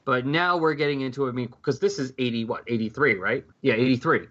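A man co-hosting a casual chat about a sitcom, animated and acting out characters' lines. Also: medium pitch, fairly quick. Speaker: podcast co-host. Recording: dull lo-fi sound.

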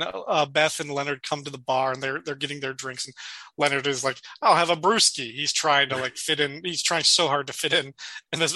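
Bright-voiced man recapping an episode. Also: on the high side, no room sound, rough recording. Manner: stammers and restarts, laughs often. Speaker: podcast co-host. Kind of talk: casual chat about TV.

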